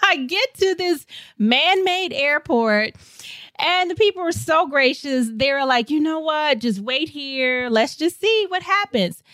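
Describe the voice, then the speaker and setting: An animated woman from St. Louis tells a story as a podcast guest, often breaking into laughter. Her voice is bright and sits a little high. The sound is dry and close. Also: a little slow, no echo. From St. Louis, Missouri. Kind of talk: casual storytelling.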